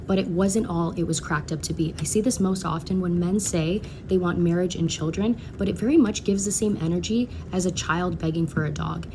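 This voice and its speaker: Woman, fairly low voice, frank casual opinion talk, quick asides, noisy clip. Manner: frank, conversational, hedges with asides. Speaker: social media creator. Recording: clip with noticeable noise.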